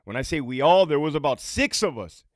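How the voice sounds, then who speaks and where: A man's voice: on the high side, animated, fairly quick, no echo, clean studio sound. A man in his late thirties from Southern California, telling rambling, profane stories from his own life in a casual way. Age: late 30s. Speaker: channel host and ex-prison guard.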